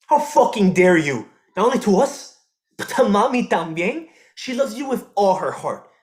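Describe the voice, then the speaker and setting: A young actor playing an eighteen-year-old son who confronts his cheating father, swearing and slipping into Spanish words on a theatre stage. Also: sits high. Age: young adult. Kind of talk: live student stage drama.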